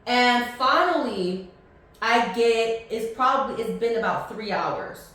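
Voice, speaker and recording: A woman in her thirties hosting a podcast, telling a personal story in a casual, animated way and acting out both sides of the dialogue. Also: a little high, slow, heavy reverb, recorded from a distance. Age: 30s. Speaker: podcast host.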